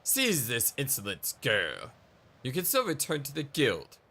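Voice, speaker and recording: A man voicing a stern, cold soldier commander, reading game dialogue slowly and gravely over game music. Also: medium pitch, wildly swooping pitch, exaggerated voice. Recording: loud game music behind.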